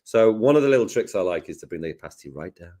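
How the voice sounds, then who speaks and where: A man hosting a casual live software lesson, jokey and self-deprecating as he talks through each step. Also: fairly low pitch, animated, racing. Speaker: host, design tutor.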